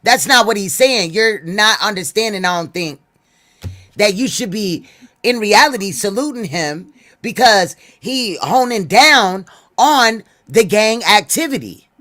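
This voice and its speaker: A woman's voice: medium pitch, lively intonation, unhurried, fairly bright tone. A woman hosting a panel, firmly moderating and correcting the guests with casual swearing. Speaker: host.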